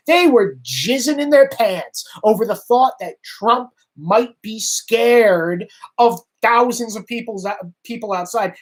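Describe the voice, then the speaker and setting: A man's voice: very high voice, lively intonation, slow pace. Exasperated male political commentator. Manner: sarcastic, exasperated; emphatic, repetitive.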